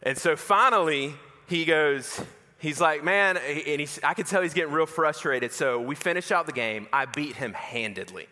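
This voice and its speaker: A man delivers a sermon as a lively, self-mocking storyteller. His voice sits a bit high and rings bright and forceful. The long reverb of a big hall trails behind every phrase. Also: normal speed. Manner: animated, self-mocking storyteller who acts out dialogue. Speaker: pastor.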